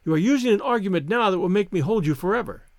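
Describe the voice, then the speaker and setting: A man's voice: high-pitched, animated, rapid-fire, a little mellow, no room sound, clean studio sound. A man playing a gallant young naval officer. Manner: playful, courtly.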